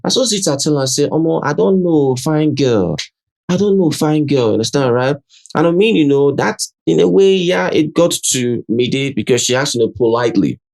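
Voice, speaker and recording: Animated Nigerian man recapping drama. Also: on the high side, a little fast, creaky. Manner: animated, acts out quotes, many "you know" and "right?" fillers. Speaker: show host. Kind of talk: casual recap chat.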